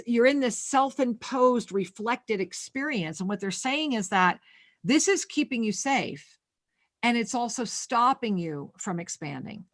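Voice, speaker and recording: A woman hosting a spiritual talk radio show, effusive with callers and giving intuitive readings in a soft, flowing way. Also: medium pitch. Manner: effusive, calls callers sweetheart and angel.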